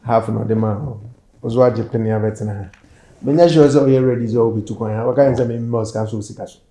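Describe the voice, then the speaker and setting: A man's voice: medium pitch, fairly even intonation, fast talker, warm tone, lightly acted. A man with a Ghanaian accent playing a complaining, argumentative man in a film drama. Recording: echoey room with faint music.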